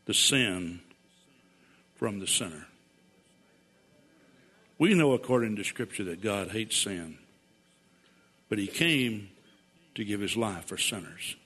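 A man preaching in a slow, deliberate, measured way. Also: fairly low pitch, fairly bright tone, big-room sound. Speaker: pastor. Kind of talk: sermon.

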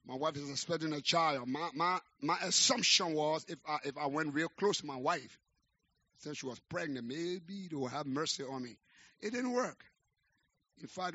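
Gravelly preacher, high and bright. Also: male voice, moderate pace. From Liberia. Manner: storytelling, building to shouted exhortation. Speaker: pastor. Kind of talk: sermon. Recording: dull, lo-fi sermon recording.

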